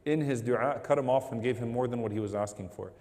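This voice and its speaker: A man preaches at a brisk clip, his voice dark and mellow. He explains points quickly and slips into recited Arabic verses, and a long hall reverb trails his words. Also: mid-range voice. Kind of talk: religious talk to a congregation.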